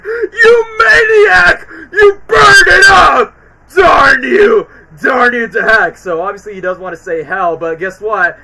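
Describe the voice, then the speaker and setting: A man streaming, chatting casually and rambling excitedly in slangy, loose sentences. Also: high-pitched, rough recording. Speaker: streamer reviewing movies. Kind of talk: casual livestream chat.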